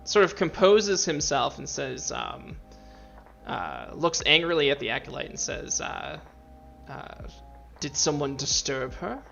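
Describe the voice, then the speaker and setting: A man's voice: mid-range voice, huge pitch swings, measured pace, vocal fry, a bit bright, dull audio, faint music behind. A man narrating as game master in a rambling way, full of fillers and restarts.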